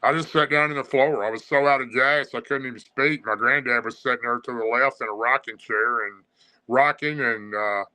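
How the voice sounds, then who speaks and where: Bright-voiced man telling a long story. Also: medium pitch, moderate pace, poor audio. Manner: rambling, with frequent "uh" and restarts. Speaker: guest recounting encounters. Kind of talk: casual spoken storytelling.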